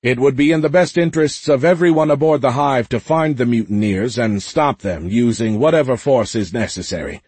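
A man voicing a ruthless, domineering male ship captain who gives loud, commanding orders in a husky voice. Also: medium pitch, brisk, hardly any pauses, dry recording, voice pushed up, close to an everyday voice.

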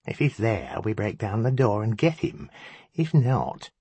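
A man's voice: on the low side, sing-song, unhurried, creaky, warm tone, breathy edge, dry recording, full character voice. A man voicing an impatient, pompous male jinn who speaks in a haughty, mocking, commanding way.

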